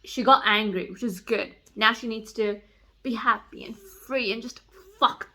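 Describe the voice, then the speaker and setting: An excitable young woman talks through a book she loves, swearing freely and filling her talk with "like." Her voice is bright and a little high for a woman. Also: measured pace. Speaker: book vlogger. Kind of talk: casual reading vlog chat.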